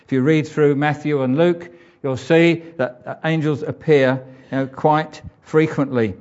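A man's voice: on the high side, fairly even intonation, a little slow, a little mellow. An older man preaching a conversational sermon, reading scripture aloud and reflecting on it. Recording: dull lo-fi church recording.

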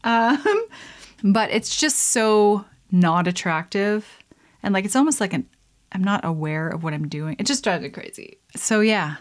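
A chatty young woman talks casually to the camera as she mixes a drink. She is playful, laughs often and drifts into offhand asides. Her pitch sits in the middle range for a woman. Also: expressive, measured pace. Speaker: vlogger. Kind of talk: casual chat while mixing a drink.

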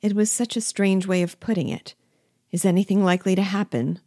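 A woman's voice: fairly even intonation, fairly quick, warm tone, dry recording, clean studio sound, natural voice. A woman reading aloud, voicing a frightened young wife who pleads urgently with her husband. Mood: alarmed. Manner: pleading, rising to high urgency.

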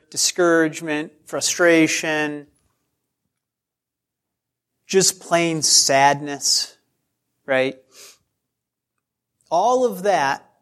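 A man preaching a sermon in a conversational way, telling stories on himself and repeating phrases for emphasis. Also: high-pitched. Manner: conversational preaching with self-deprecating asides; repeats phrases for emphasis, draws out key words. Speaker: pastor.

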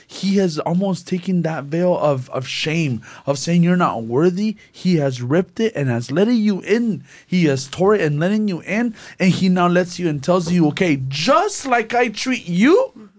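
A man's voice: fairly high pitch, expressive, measured pace, a little mellow. A young man talking casually about faith and grudges, rambling with many restarts. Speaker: co-host of a faith discussion.

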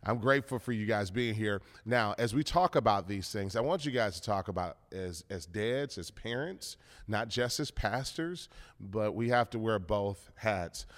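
A middle-aged man, a pastor, hosting a church video talk with an upbeat, expressive delivery. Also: on the low side, moderate pace. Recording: reverberant room sound.

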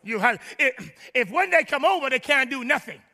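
A man preaches to his congregation in a very high, piercingly bright voice. He teases the crowd with humor and builds to shouted lines. A long reverb trails every word in the church hall. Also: very animated, moderate pace, gravelly. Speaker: pastor. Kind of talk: sermon. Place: large church.

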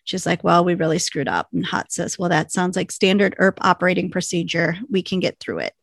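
Chatty woman podcaster, fry in her voice, dry close sound; recaps scenes with lots of "like"s. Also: lowish voice, a little fast, dry recording. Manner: chatty, lots of likes and ums. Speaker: podcast co-host. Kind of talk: casual episode recap.

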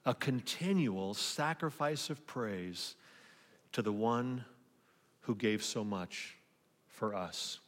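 A pastor giving a conversational sermon that often restarts its phrases, then leading a closing prayer. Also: male voice, on the low side, takes it slowly, fairly bright tone. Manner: conversational preaching with repeated restarts. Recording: long reverb of a hall.

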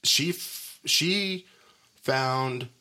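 A man's voice: medium pitch, drawn-out words, sharp tone, clean tone. A middle-aged man hosting a podcast in casual, joking chat, teasing and laughing often. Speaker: podcast host.

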